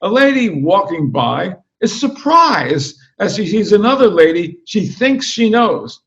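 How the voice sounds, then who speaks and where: Wry dog narrator, deadpan and observational, read by a man. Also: high-pitched, a little slow, highs cut off, voice pushed up, exaggerated voice. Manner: dry deadpan storytelling, reading aloud. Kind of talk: reading a comic novel aloud.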